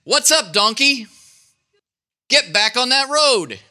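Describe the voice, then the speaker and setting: A man doing a hot-tempered, stubborn master in a church storybook skit. He barks his lines in a raised, bright voice that leaps high. He blusters more than he threatens. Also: big pitch swings, takes it slowly, heavily acted. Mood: angry.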